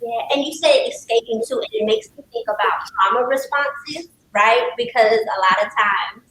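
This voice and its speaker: A woman counselor, a guest on a talk show, telling her story in a lively, emphatic way and calling the host "girl". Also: on the high side, moderate pace, a little hiss or hum. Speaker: licensed counselor, podcast guest. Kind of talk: casual conversational storytelling. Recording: roomy echo.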